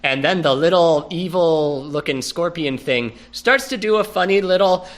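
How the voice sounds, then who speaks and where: Playful, bright-voiced male comedy host. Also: fairly high pitch, normal speed. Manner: playful, theatrical, often laughing. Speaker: podcast host. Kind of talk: improvised comedic narration. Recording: podcast recorded live.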